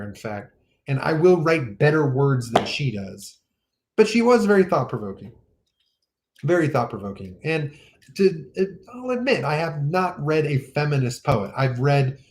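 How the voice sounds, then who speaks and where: A man hosting a casual poetry podcast, retelling a poem in a rambling, animated way full of fillers. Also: mid-range voice, slight background noise. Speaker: podcast host.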